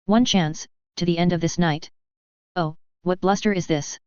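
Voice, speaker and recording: A smirking, taunting young lord, as a woman reads him in a fan fiction story. The voice is low-set and very clear, and the recording is dry and a little dull. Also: fairly even intonation, normal speed, darkish tone, no echo, close to an everyday voice. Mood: mocking. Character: smug mocking young nobleman.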